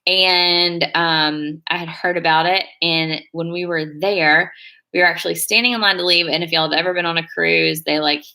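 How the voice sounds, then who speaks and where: Chatty woman, bright gravelly voice. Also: fairly low pitch, fairly even intonation, normal speed. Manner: rambling, chatty, hedges a lot. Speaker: beauty vlogger on a live stream. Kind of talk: casual chat while doing her nails.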